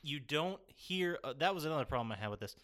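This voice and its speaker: A man's voice: a little high, expressive, fast, a bit bright. A man co-hosting a casual podcast, rambling through a video game's plot, swearing casually and laughing often. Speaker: podcast co-host. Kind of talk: casual chat reviewing a video game.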